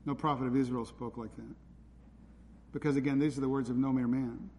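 A man's voice: mid-range voice, steady tone, a little fast, darkish tone. A man preaching a sermon in a church, urgent and pleading as he presses his listeners. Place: church hall. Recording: hall reverb with faint ambient noise.

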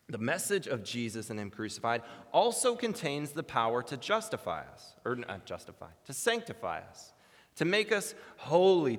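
A male preacher gives an earnest sermon in a reverberant hall, his voice medium-pitched and a bit bright. His delivery builds up to emphatic bursts.

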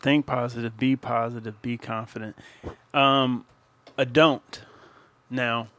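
A man's voice: medium pitch, fairly even intonation, takes it slowly, bright, forceful tone. A man co-hosting a podcast who hands out blunt, preachy advice and repeats his points for emphasis. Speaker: podcast co-host. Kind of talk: crude casual banter.

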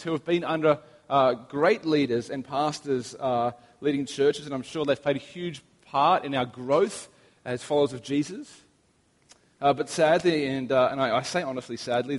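A young Australian man preaching a sermon, telling relaxed, anecdotal stories with humor. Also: mid-range voice. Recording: long reverb of a large hall.

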